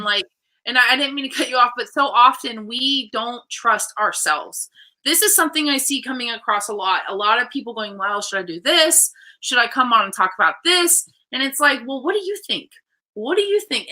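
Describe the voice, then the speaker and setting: Bright, upbeat woman host in her 30s. Animated storyteller who acts out the people she quotes. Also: fairly high pitch, moderate pace, rough recording. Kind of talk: casual interview chat.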